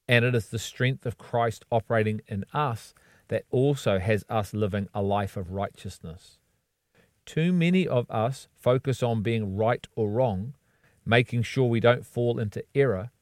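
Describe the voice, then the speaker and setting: A man giving a scripted devotional reading in an earnest, measured way, stressing key words. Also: mid-range voice, a little mellow, dry recording, clean studio sound. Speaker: devotional book reader.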